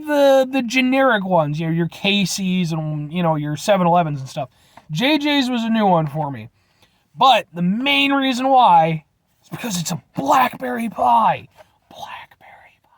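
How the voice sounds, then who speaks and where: A man hosting a casual food review vlog from inside his truck, playful and animated, talking straight to his viewers. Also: extremely high pitch, dry recording. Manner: animated, playful, keeps addressing viewers as folks.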